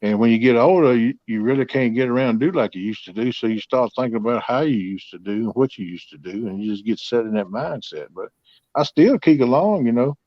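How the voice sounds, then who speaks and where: A man's voice: medium pitch, lively intonation, brisk, no echo. Man in his fifties, folksy and drawling, dull dry lo-fi sound. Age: 50s. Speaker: host. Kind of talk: casual storytelling chat.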